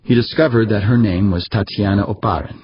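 Narrator: man, low husky voice, dull lo-fi sound, reads fiction with light character voices. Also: brisk, slight background noise. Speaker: audiobook narrator. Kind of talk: scripted narration.

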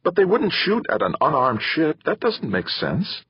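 A man's voice: a little high, wildly swooping pitch, normal speed, husky, no room sound, voice pushed up, heavily acted. A man doing an earnest, pleading young son. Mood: puzzled protest. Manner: pleading, raised and urgent. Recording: slightly muffled.

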